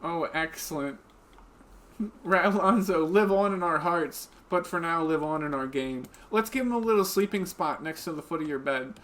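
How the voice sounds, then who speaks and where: A man's voice: fairly high pitch, a little fast, hardly any pauses, fairly bright tone. A man streaming a video game live, chatting and giggling with viewers as he plays, speaking into a desk microphone. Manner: chatty and giggly, talks to viewers while playing. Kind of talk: casual live-stream commentary.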